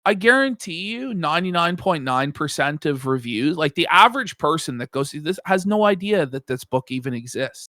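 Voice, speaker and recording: A man co-hosting a casual podcast panel, ranting with heavy profanity and mock sermon-like jabs. His voice is bright and forceful, a little higher than most men's, recorded dry and close with no room sound. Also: animated, normal speed, hardly any pauses, no room sound. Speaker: podcast co-host. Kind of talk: casual panel chat reacting to a video.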